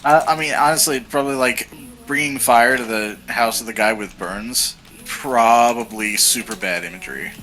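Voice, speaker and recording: A man's voice: mid-range voice, normal speed, bright, forceful tone. A man playing in a tabletop game, talking hesitantly with lots of fillers. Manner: hesitant, filler-heavy, thoughtful. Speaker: player. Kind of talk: casual tabletop role-play.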